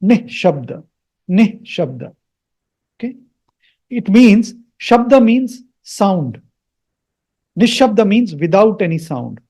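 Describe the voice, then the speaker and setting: Male mantra teacher, high voice, soft mellow tone, patient, repeats each word. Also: big pitch swings. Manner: patient, repeats words slowly, asks "Hmm?". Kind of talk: explaining and pronouncing mantras.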